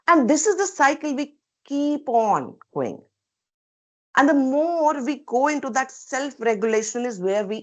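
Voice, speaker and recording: Reflective woman giving a speech. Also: medium pitch. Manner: reflective, asks many rhetorical questions. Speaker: speaker at a public speaking club meeting. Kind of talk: prepared personal speech. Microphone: video call.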